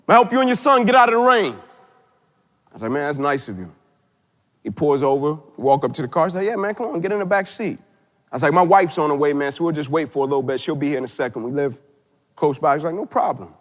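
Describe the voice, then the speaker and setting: High-voiced guy giving a motivational speech, big and loud then quiet, lots of hall echo. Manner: swings from loud emphatic peaks to hushed low tones. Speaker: motivational keynote speaker. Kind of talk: dramatic storytelling speech.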